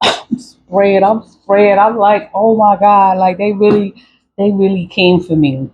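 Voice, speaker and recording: A woman's voice: mid-range voice, unhurried, darkish tone, highs cut off, slight background noise. A woman selling spiritual products who chats casually to camera, rambling, repeating herself and laughing between phrases.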